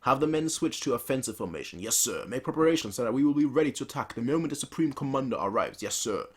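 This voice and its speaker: A man's voice: mid-range voice, lively intonation, fast, breathy edge. A man hosting a manga reaction, reading the pages aloud with casual, playful asides.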